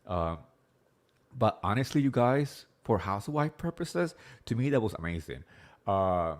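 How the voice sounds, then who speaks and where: A man with an accent hosting a casual live recap chat, rambling quickly with lots of fillers and swearing freely. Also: lowish voice, sing-song. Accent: non-native English accent. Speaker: host of a reality TV recap show.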